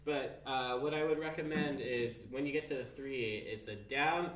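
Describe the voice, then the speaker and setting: A man's voice: mid-range voice, normal speed, hardly any pauses, a bit bright. Man teaching cello, counting beats aloud. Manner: counts beats aloud, patient step-by-step instruction. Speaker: music teacher. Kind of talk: instrument tutorial. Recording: roomy, distant mic with cello playing.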